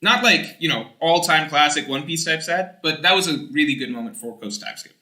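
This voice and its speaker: A young man streaming, reading chat aloud and rambling in casual, animated talk with some swearing. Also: fairly high pitch, fairly quick, roomy sound.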